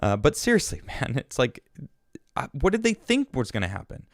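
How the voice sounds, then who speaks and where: A man's voice: mid-range voice, huge pitch swings, normal speed, no room sound, clean studio sound. A man hosting his own show, giving an indignant, rambling political monologue full of restarts. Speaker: show host.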